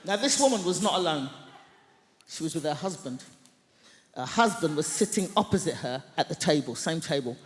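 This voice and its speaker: A woman stand-up comedian telling a story on a large theatre stage, loud and theatrical. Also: sits low, animated, normal speed. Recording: echoey theatre hall, faint noise.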